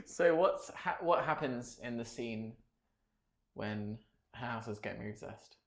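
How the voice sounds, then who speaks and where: A man, co-host of a comedy podcast, reacting with laughter and quick interjections in casual chat. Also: medium pitch, lively intonation, vocal fry, roomy sound.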